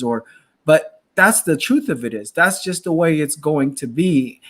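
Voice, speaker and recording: A man's voice: fairly high pitch, animated, normal speed, slightly rough. A man hosting an interview, reflecting thoughtfully, with frequent restarts and repeated words. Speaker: host. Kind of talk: casual faith interview.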